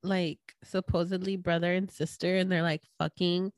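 A woman's voice: lowish voice, level tone, normal speed, no echo, clean studio sound. Laid-back woman co-hosting a podcast. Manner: laid-back, laughing reactions and teasing asides. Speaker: podcast co-host. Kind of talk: casual explicit chat.

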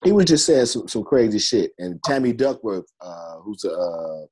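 A man with a low, husky voice talks in a casual group chat. He is blunt and plain-spoken and pauses on fillers as he talks. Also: lively intonation, a little mellow.

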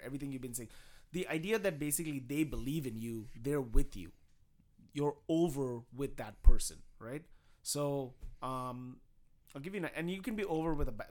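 A man on a podcast, chatting casually and excitedly, swearing and laughing as he explains things. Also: mid-range voice. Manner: excited, laughing, swears often, acts out quotes. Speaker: podcast co-host. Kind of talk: casual chat.

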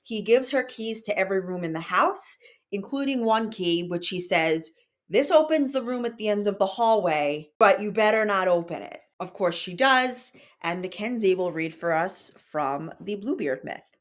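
Young woman, podcast host; chatty, explanatory, mid-pitched. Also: animated, normal speed. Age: young adult. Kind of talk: casual book discussion.

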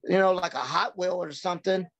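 A man's voice: high-pitched, fairly quick, a bit bright, slight background noise. Man, wrestler, chatty storyteller, swears a lot, acts out the dialogue, dull lo-fi audio. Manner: rambling anecdotes, acts out quoted dialogue, swears freely. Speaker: professional wrestler. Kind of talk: casual podcast storytelling.

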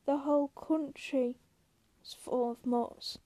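A woman's voice: sits high, steady tone, takes it slowly, dark tone. A woman reading a lonely, coaxing young ranch wife. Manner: coaxing, restless, bitter.

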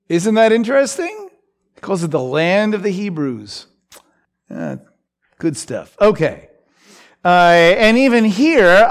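A man teaching a Bible passage in a conversational way, with frequent fillers and asides, acting out the quoted lines. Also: high voice. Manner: unhurried, lots of fillers and asides, voices scripture quotes.

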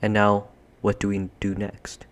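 Youngest girl, eager and kind, bright small voice, read by a man, storybook. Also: lowish voice, monotone, measured pace, natural voice.

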